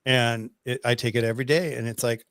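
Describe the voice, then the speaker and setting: A man's voice: mid-range voice, fairly even intonation, brisk, fairly bright tone, clean tone, no room sound, clean studio sound. A man chatting as a guest on a video call, telling stories in a rambling, enthusiastic way. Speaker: guest, pet herbal company representative. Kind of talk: casual video chat.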